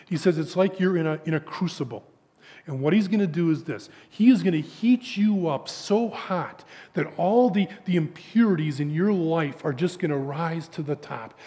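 Man preaching in a reverberant hall. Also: a little high. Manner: halting, repeats words often, drops to a hushed voice for emphasis. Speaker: pastor. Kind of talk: sermon with storytelling.

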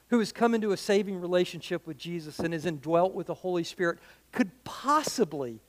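A middle-aged man preaching a sermon as pastor, conversational and animated, full of rhetorical questions. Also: high-pitched, fairly quick.

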